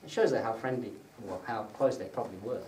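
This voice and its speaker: Talking fast in a lowish, slightly mellow voice, a man delivers a conversational teaching sermon to a small group in a prayer gathering room. He quizzes the group and raises his voice whenever he quotes scripture. The recording is echoey, with faint hiss from a distant mic.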